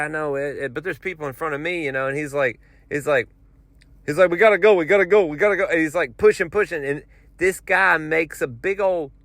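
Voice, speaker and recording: A man telling a story in a casual, rambling, animated way, poking fun at himself. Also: a little high, no room sound. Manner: rambling, animated, self-mocking. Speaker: podcast host.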